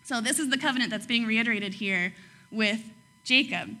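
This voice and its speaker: Bright-voiced young woman giving a casual sermon. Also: on the high side, normal speed. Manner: chatty, laughs often, says "like" and "right?". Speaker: preacher.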